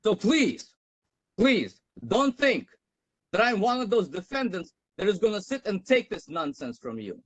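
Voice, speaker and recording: Man defendant, combative and insistent, high for a man, dry close sound. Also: sing-song, unhurried, dry recording, poor audio. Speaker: defendant in traffic court. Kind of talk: arguing his case.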